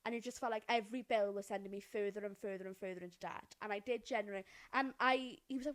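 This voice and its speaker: Woman, podcast co-host, casual chat, animated storytelling, swears a lot. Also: mid-range voice, fast talker, few pauses.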